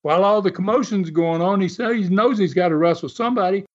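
A man's voice: high-pitched, quick pace. Man spinning a folksy wrestling story. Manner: folksy, laughs often, many fillers. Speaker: former wrestler telling stories. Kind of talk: casual storytelling. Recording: slightly muffled recording.

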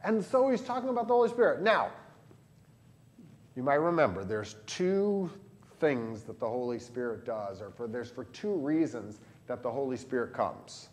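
A pastor with a Southern Illinois accent, leading a lively catechism lesson for children and adults and quizzing the class. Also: male voice, mid-range voice, normal speed. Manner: animated, asks the class questions.

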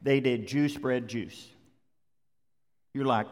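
A middle-aged man preaches in a large church sanctuary, his slightly high, fairly bright voice moving at normal speed. He's conversational but emphatic, hammering points home through repetition, and the recording carries a long hall reverb.

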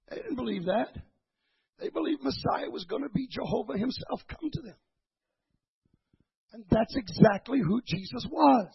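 A man preaching a sermon, halting and repeating words as he teaches, then rising to shouted fervor. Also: high voice, vocal fry, breathy edge, highs cut off.

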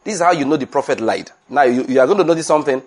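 A man preaching a sermon, emphatic and insistent, often repeating his key points and rising in pitch as he presses them. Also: animated, very fast.

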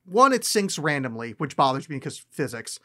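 A man co-hosting a podcast, chatting casually about a film, animated and ranting, with frequent swearing. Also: a little high, moderate pace. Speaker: podcast co-host. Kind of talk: casual film-review chat.

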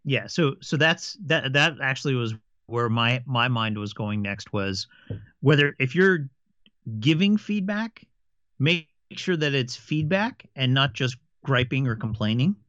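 A man co-hosts a relaxed podcast about running games. He tells stories with plenty of false starts and stammers, at a medium pitch. The sound is dry and a bit muffled, like a modest home setup. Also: unhurried, dry recording. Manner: stammers and restarts often, animated storytelling. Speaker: game master and podcast co-host. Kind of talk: casual chat. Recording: dry, slightly dull lo-fi sound.

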